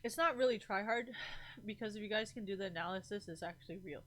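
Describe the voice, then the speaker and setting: A woman's voice: mid-range voice, fast, fairly bright tone. A young woman streamer chatting casually to her viewers in a rambling, emotional, profane way, full of fillers. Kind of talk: casual livestream chat.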